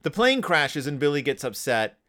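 A man hosting a casual podcast, his voice slightly higher than most and full of lively pitch swings. He talks through a picture book in a loose, halting way, restarting sentences and filling gaps as he thinks aloud. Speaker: podcast host.

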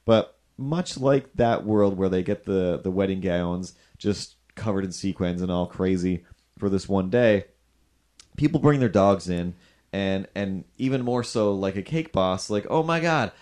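A male podcast host chatting casually in a fairly low voice. He rambles and jokes, often putting himself down as he goes. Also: a little slow, darkish tone. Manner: rambling, jokey, self-deprecating. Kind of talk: casual chat.

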